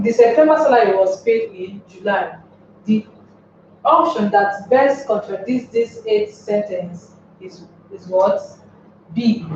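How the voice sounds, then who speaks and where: A woman teaching an exam-prep lesson very slowly, stopping to put rhetorical questions to her class. She sounds set back from the microphone in a strongly echoing room. The recording is dull and lo-fi with a faint hiss. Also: mid-range voice, a little mellow. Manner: slow and deliberate, asks the class rhetorical questions. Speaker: English tutor. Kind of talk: slow exam-prep lesson on emphatic stress. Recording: distant, echoey, dull lo-fi room.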